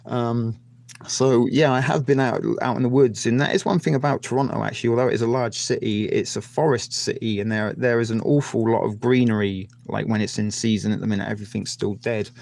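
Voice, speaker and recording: A man's voice: mid-range voice, fairly even intonation, fairly quick, gravelly, a little mellow, no room sound. A man hosting a casual video-call chat, rambling with cheeky innuendo and lots of filler words. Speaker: host.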